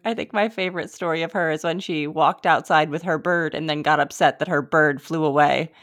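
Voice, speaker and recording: Young woman, lowish voice, dry and blunt, swears casually while chatting. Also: steady tone, a little fast, fairly bright tone. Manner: wry, blunt chiming-in with swearing. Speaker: podcast co-host. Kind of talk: casual chat.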